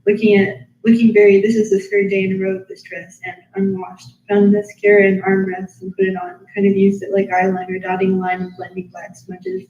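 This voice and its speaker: A woman reads her own diary aloud in a flat, level voice that hardly moves in pitch, sounding tired after hours of reading. The sound is a roomy, slightly dull livestream capture from an apartment, picked up by another person's device rather than a close mic. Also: fairly quick, hardly any pauses. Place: apartment room.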